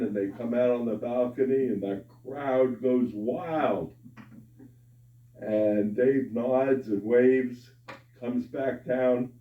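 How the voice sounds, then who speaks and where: A man telling jokes to a live audience with a slow, deliberate delivery. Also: medium pitch. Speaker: joke teller. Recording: echoey room from far off, dull sound.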